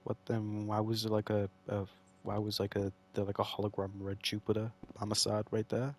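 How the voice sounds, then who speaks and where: A man's voice: lowish voice, monotone, a little fast. A man doing let's play commentary, swearing and ranting at the game in mock fury. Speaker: gamer playing a horror game.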